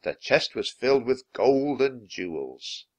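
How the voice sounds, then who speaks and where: A man reading a children's chapter book aloud in an expressive, animated way. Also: medium pitch, a little slow. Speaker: audiobook reader.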